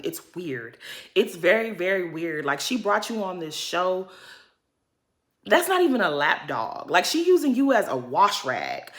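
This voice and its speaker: A woman's voice: mid-range voice, sharp tone. A woman giving a casual, blunt and sassy recap of a reality show, with plenty of cursing.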